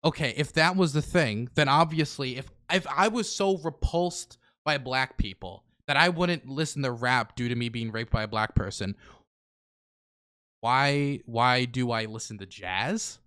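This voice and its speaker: A man's voice: mid-range voice, unhurried, pushed and bright, no echo, clean studio sound. A man hosting a heated streamed debate, indignant and firing off rhetorical questions. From Maryland, US. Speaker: streamer host.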